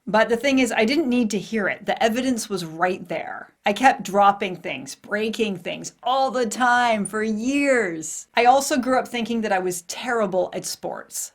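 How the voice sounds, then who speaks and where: A woman hosting her own podcast and telling a personal story in a candid, conversational way. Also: medium pitch. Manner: candid and conversational, swears casually. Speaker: podcast host and martial arts coach.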